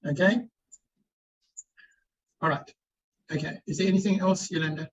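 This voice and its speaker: Speaking slightly slowly with huge pitch swings, a high-voiced man serves as a webinar panellist over a video call. He answers earnestly and keeps restarting with repeated words. The audio is dull, with a little background noise.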